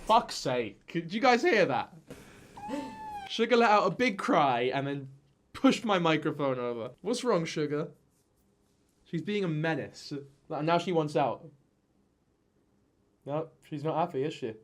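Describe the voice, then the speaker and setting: Man, casual reaction commentator, a bit high, sarcastic and rambly. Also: animated, unhurried, long pauses, slight background noise. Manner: sarcastic, rambling, swears freely. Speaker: commentary streamer.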